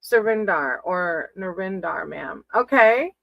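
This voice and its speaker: A woman's voice: fairly low pitch, lively intonation, takes it slowly, creaky, dry recording, dull audio. A woman giving casual live-stream tarot readings, chatty and affectionate, calling her viewers sweetie and baby. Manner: chatty, reads names off a list.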